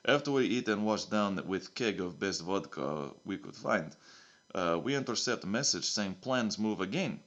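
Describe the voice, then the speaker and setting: A man's voice: fairly low pitch, expressive, moderate pace, a bit bright, dull audio. A man voicing a bumbling male secret agent who keeps swapping between broad put-on accents, rambling through his mission report. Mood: hammy.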